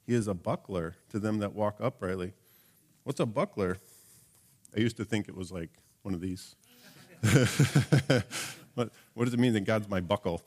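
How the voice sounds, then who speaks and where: A man preaching a sermon in an earnest tone, his voice sitting a little on the low side. He reads scripture aloud and keeps asking his listeners rhetorical questions. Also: normal speed, pauses often, darkish tone. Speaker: pastor.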